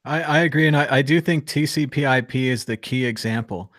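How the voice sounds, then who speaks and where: A man hosting a live call-in talk show, speaking in an animated, opinionated way with geeky tangents. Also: medium pitch, brisk, dry recording, clean studio sound. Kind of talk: casual live call-in discussion.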